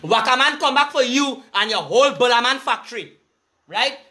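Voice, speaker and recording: A man's voice: extremely high pitch, expressive, moderate pace, bright, forceful tone. A man with a Trinidadian accent delivering an angry, profane street rant in heavy Creole dialect, cursing and making threats. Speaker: vlogger.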